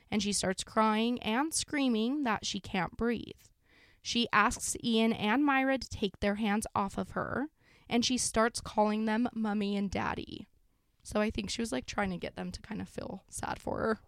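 Clear-voiced woman telling true crime. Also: fairly high pitch, measured pace, no echo, clean studio sound. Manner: casual, sombre retelling with frequent fillers. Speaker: podcast host.

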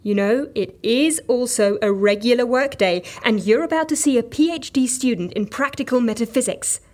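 An actress playing an exasperated, straight-laced office worker who speaks in a flustered, incredulous way. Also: female voice, a little high, moderate pace, darkish tone, lightly acted.

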